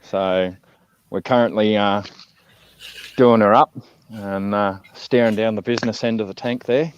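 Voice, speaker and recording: A man's voice: lowish voice, steady tone, a little slow, clean tone, no echo, dull audio. A man with an Australian accent chatting casually as a guest on a live stream, laid-back and laughing often. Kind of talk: casual chat.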